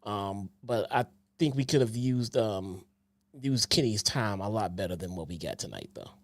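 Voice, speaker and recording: A man's voice: fairly low pitch, moderate pace, dry recording. A man co-hosting a wrestling review, talking in a casual, hesitant way that often starts over. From Chicago. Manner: hesitant, restarts often, relaxed. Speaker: podcast co-host. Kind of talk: casual online call chat.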